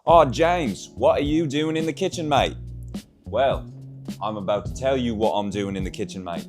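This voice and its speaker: A man's voice: lowish voice, normal speed, a little mellow, faint music behind, lightly acted. A man putting on a joking mock accent as a cheeky kitchen chum who keeps calling people mate. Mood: teasing.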